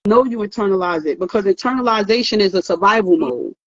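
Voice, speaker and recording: A woman's voice: mid-range voice, fast, no echo, muffled recording. A woman giving earnest, emphatic advice in a casual talk, often repeating words as she goes. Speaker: therapist host.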